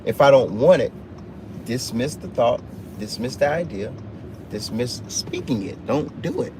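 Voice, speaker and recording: This man talks at a medium pitch, animated yet a little slow, as he gives an off-the-cuff pep talk on a livestream. His delivery has an emphatic, repeating, sermon-like cadence. He's in a truck, filmed on a phone, with loud vehicle cabin sound behind him.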